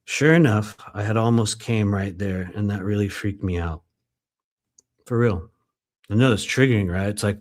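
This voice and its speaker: During a live stream, a man reads aloud from a book he wrote, his voice lowish and somewhat dark at a normal pace. He keeps drifting into loose, chatty tangents packed with filler words.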